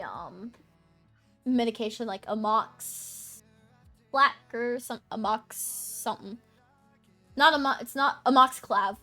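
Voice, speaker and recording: High-voiced young woman rambling a story. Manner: rambling, animated, swears freely. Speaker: streamer. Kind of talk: casual storytelling chat.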